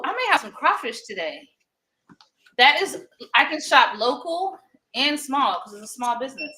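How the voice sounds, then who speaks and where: Bright-voiced woman chatting on a live stream. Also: on the high side. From Louisiana. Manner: chatty, greets viewers by name, laughs often. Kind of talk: casual live stream chat.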